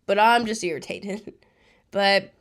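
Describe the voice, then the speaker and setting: A woman's voice: mid-range voice, fairly even intonation, a little slow. A young woman recapping a reality show to her viewers, ranting in exasperation and swearing often.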